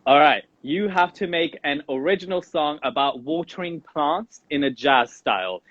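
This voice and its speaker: A man's voice: on the high side, animated, normal speed, fairly bright tone, no room sound, lo-fi sound. A man hosting a podcast interview with Indian English speech, who sets playful challenges and counts down in an upbeat, teasing way. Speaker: podcast host.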